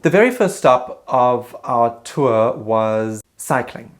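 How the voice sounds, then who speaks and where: Self-mocking man telling a travel story. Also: mid-range voice. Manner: animated, self-mocking, jumps into quick put-on voices. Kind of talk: comedic travel story vlog.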